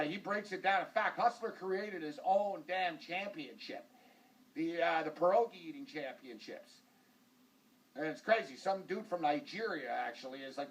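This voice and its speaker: A high-voiced male host riffs loosely on sports, piling up fillers and jokes as he goes. He sits a little back from the mic. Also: distant mic, low-quality recording. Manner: rambling, joking, full of fillers like "like" and "uh". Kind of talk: casual sports talk show banter.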